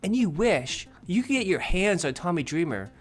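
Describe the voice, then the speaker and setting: A man hosting a commentary video, mocking and insulting his target in a sneering, animated way. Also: high voice, moderate pace, faint music behind. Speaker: commentary channel host.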